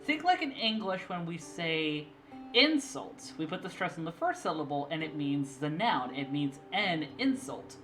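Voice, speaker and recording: A man's voice: a little high, sing-song, normal speed, few pauses, fairly bright tone. A young man streaming casually, chatty and eager to explain, laughing often. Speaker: streamer and artist. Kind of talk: casual live-stream chat. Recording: clear background music.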